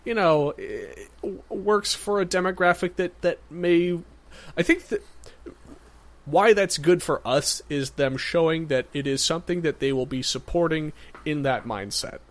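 A young man co-hosting a casual tech podcast, speaking haltingly as he steers the discussion. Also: on the high side, lively intonation. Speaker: podcast co-host.

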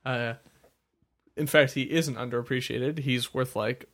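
A man chatting casually as a podcast co-host, telling an animated story and slipping into impressions. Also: unhurried. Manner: animated storyteller, jumps into shrill impressions of people. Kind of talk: casual chat.

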